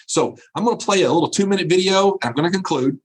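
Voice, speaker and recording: A man's voice: sits high, fast talker, breathy edge. A man giving a motivational keynote by remote video call, preachy and emphatic, repeating his phrases. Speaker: keynote speaker.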